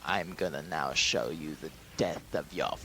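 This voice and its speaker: A man putting on a low, gloating voice for a sinister old villain lord. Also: a little slow, bright, forceful tone, exaggerated voice. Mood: menacing. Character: sinister old male dark lord, menacing.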